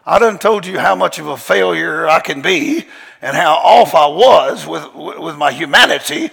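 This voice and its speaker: A high, animated male preacher with a gravelly, husky voice, telling his story in a folksy, emphatic drawl. His bright, forceful delivery rings out in a big hall with a long reverb. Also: moderate pace. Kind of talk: storytelling sermon. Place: large church hall.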